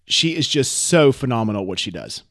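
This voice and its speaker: A man's voice: medium pitch, a little fast, no room sound. Riled-up male storyteller, dry sound. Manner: animated storyteller, gets loud and riled up. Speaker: podcast co-host. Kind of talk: casual chat.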